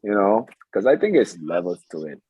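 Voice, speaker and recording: A man's voice: low-pitched, sing-song, normal speed, warm tone, husky, dry recording. A man chatting on a video call, laid-back and rambling, often repeating himself. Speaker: guest on a call. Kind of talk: casual chat on a video call. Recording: dull, lo-fi call audio.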